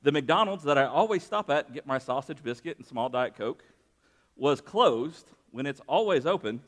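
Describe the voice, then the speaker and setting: A man's voice: a little high, animated, moderate pace, fairly bright tone. A man preaching a sermon, mixing scripture reading with personal stories and raising his voice for emphasis. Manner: conversational preaching with personal anecdotes, rising for emphasis. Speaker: pastor.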